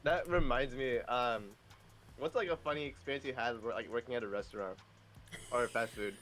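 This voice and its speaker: A young man chatting as a podcast guest, telling a funny work story in a relaxed, halting way. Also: medium pitch. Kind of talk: casual chat.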